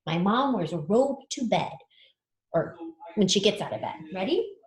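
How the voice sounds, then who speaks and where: A woman's voice: mid-range voice, big pitch swings, moderate pace, echoey room. A woman teaching a spelling lesson to children, patiently sounding words out letter by letter.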